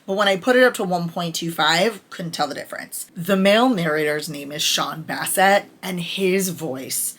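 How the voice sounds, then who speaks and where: A woman's voice: on the low side, normal speed, few pauses, a bit bright. A woman chatting casually as a book reviewer, candid and enthusiastic about her favorite lines.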